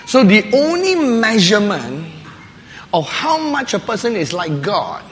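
A man preaching a sermon, telling a lively story with laughs and playful barking sounds. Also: sits high, measured pace, slight background noise. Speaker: pastor. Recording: long hall reverb with faint ambience.

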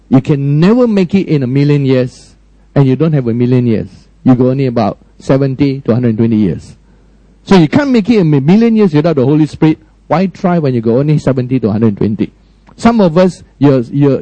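A man preaching a sermon emphatically, often questioning his listeners and swinging between high, raised lines and low, quiet ones. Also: dry recording, dull audio. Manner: frequent direct questions to the congregation.

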